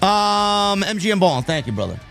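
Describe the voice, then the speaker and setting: A man's voice: high voice, very animated, normal speed, vocal fry, fairly bright tone, faint music behind. A man from New York who hosts a live stream, chatting casually and reading out viewer messages, with frequent restarts. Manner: rambling, restarts, reads viewer messages aloud. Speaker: host of a wrestling live stream.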